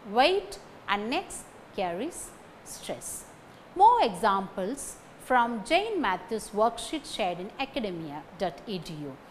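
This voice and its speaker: A woman with an Indian English accent and a voice on the high side gives a slow, recorded phonetics lecture, repeating each example sentence and then naming its stressed words. There's slight background noise.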